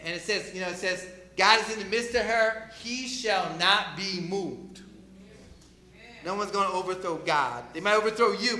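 A man preaching a sermon, emphatic, swinging from loud peaks down to quiet asides. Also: roomy sound, slight background noise. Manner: emphatic, rising to loud peaks then dropping low.

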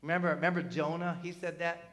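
A middle-aged man from New Jersey preaching a sermon in a conversational, animated way, full of asides and tag questions. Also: fairly high pitch, fast. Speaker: pastor.

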